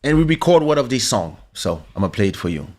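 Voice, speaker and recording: A man from Congo hosting a livestream as a musician, telling a personal story in a relaxed, halting way. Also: medium pitch. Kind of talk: casual storytelling chat. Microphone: studio microphone.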